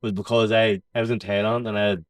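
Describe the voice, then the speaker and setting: A man's voice: on the low side, flat delivery, no room sound. A Northern Irish man co-hosting a podcast, joking and swearing in casual chat. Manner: mocking, swearing, quick to laugh. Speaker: podcast co-host.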